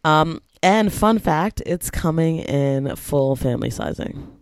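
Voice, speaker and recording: A woman's voice: deep voice, expressive, slow, no room sound, studio quality. A woman co-hosting a casual chat show, talking in a wry, chatty way and laughing often. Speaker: co-host.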